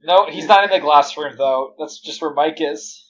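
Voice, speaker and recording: Wry young man with a slightly raised pitch. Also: moderate pace, fairly bright tone, muffled recording. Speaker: podcast co-host. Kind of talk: casual improv banter.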